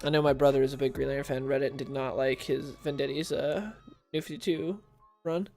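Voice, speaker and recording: A man's voice: medium pitch, fairly even intonation, brisk, darkish tone, faint music behind. A man hosting a casual livestream about comics, chatting with viewers and reading recaps aloud. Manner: chatty, reads chat and recaps aloud, laughs at own jokes.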